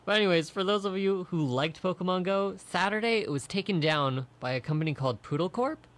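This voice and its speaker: A man's voice: high voice, fairly bright tone. A young man co-hosting a radio talk show, casually presenting news items and moving the chat along. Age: young adult. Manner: brisk, moves the talk along to the next topic.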